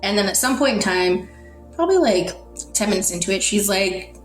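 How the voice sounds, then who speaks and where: Woman from the Netherlands, animated storyteller, acts out dialogue, echoey room, faint music underneath. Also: medium pitch, a little fast. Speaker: podcast guest. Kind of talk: personal storytelling. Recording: roomy echo, faint music.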